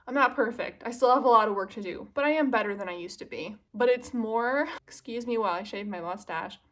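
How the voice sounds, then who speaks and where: A woman's voice: on the high side, brisk, fairly bright tone. A young woman vlogger chatting casually to the camera, confiding and self-mocking, drifting into earnest musing.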